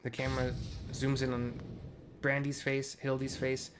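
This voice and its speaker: A man casually narrating game cutscenes out loud as he plays, chatty, with fillers and self-corrections. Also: medium pitch, completely flat delivery, moderate pace, background noise. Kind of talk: casual live audio description of game cutscenes.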